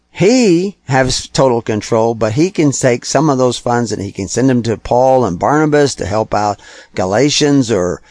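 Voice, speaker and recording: A man preaching at an even, middle pitch. He hammers his points home by repeating phrases, lifting his voice on the key words and then sinking low. The sound is dry and close, with no room around it. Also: dry recording. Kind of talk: sermon-style teaching.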